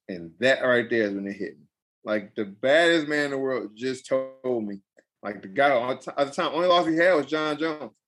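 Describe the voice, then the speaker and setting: A young adult man, a pro fighter, telling a story in a casual interview, animated and emphatic, repeating phrases for effect. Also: medium pitch, a little fast.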